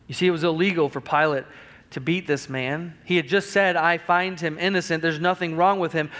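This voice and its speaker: A man's voice: moderate pace, a bit bright. A man preaching a sermon as pastor, reading old-style scripture and building to emphatic, rising passages. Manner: emphatic preaching that rises in pitch and volume, with restarts; reads scripture aloud in King James wording.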